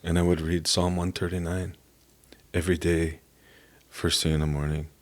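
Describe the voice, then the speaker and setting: A middle-aged man from Canada giving an earnest, halting personal testimony as a podcast guest. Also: low-pitched, little pitch movement. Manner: earnest, halting, emotional at times.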